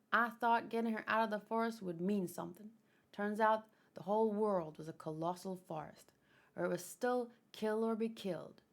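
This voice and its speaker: A woman reading as a calm, weary hunter father. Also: mid-range voice, vocal fry, close to an everyday voice.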